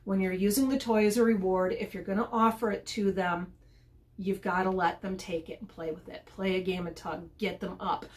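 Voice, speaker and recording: A woman's voice: mid-range voice, fairly even intonation, moderate pace, a little mellow. A middle-aged woman hosting a casual advice vlog, chatty and often repeating words as she restarts. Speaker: podcast host and dog trainer.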